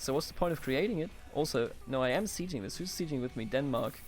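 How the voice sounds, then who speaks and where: A man's voice: medium pitch, fairly quick, faint music behind. A man from Germany hosting a let's play, muttering to himself in exasperation, swearing and mocking his own mistakes. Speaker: gaming video host.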